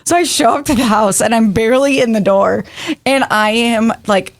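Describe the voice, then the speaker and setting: Chatty woman telling animated stories. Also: fairly high pitch, normal speed, no room sound, studio quality. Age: early 30s. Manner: animated storytelling, acts out family dialogue, many fillers. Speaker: podcast co-host. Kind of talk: casual chat.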